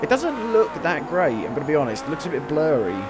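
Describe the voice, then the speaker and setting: A young man of about twenty talks casually through a racing game session, his voice sitting a little high for a man. He rambles and reacts with sudden excited outbursts. Loud car engines from the game roar underneath his voice throughout the recording. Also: fairly quick, background noise. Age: 20s. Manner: chatty and reactive, breaking into excited exclamations. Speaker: gamer playing a racing game demo. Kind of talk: casual gameplay commentary.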